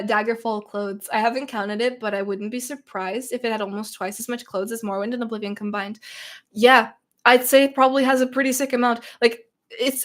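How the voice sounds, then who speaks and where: A young woman from Russia hosting a casual livestream Q&A, reading chat comments aloud and bantering playfully. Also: fairly high pitch. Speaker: streamer.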